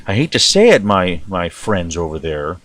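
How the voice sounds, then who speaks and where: Animated rambling male commentator. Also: low voice, normal speed. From United States. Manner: rambling, animated, asks rhetorical questions. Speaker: host. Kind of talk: opinionated news commentary.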